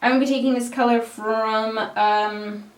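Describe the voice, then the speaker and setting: A woman's voice: a little high, steady tone, measured pace, distant mic. Chatty Canadian woman in an echoey room. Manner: chatty, lots of "like" fillers, swears casually. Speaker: beauty vlogger. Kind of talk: casual chat while doing makeup. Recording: roomy sound, mic set back.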